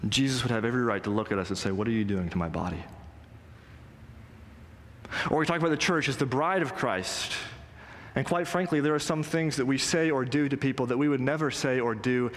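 A man preaching a sermon to a congregation, earnest and emphatic, slowing down to stress quoted lines. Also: medium pitch, fairly bright tone, slight background noise. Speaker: pastor. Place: church sanctuary. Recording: long hall reverb.

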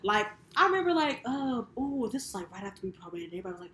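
Brief: hesitant, reflective woman co-host, mid-pitched, roomy sound. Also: sing-song, racing, fairly bright tone. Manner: reflective, hesitant, many fillers. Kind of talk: casual chat. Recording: echoey room with faint noise.

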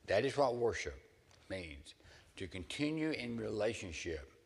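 A man's voice: lowish voice, very animated, a little slow, vocal fry, slightly rough. A man preaching a sermon as pastor, earnest, rising into dramatic scripture readings. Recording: long hall reverb.

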